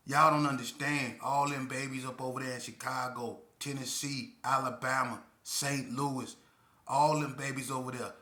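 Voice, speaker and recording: A man's voice: mid-range voice, little pitch movement, moderate pace, pushed and bright. A middle-aged man telling a story from his past in a casual, emphatic, streetwise monologue that turns preachy. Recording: echoey room.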